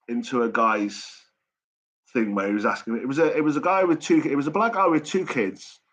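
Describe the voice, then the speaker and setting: A man's voice: mid-range voice, fairly quick, fairly bright tone. A man hosting a live chat stream, talking casually in a blunt, sweary and rambling way. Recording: dull lo-fi stream audio.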